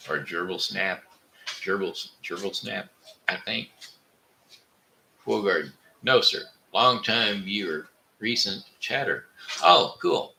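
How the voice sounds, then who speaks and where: A gravelly, low-voiced man hosts a casual live stream at a slow, unhurried pace. His tone is bright and forward, and he rambles through his thoughts with plenty of fillers and restarts. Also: expressive, slight background noise, rough recording. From Missouri, USA. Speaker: livestream host reading chat.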